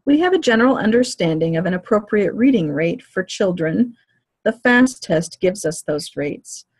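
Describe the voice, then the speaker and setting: A woman lectures to teachers in a steady, measured, explanatory manner. Her voice sits in a middle register with a slightly husky edge. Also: medium pitch. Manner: clear, measured explanatory delivery. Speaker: teacher educator. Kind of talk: lecture on reading fluency.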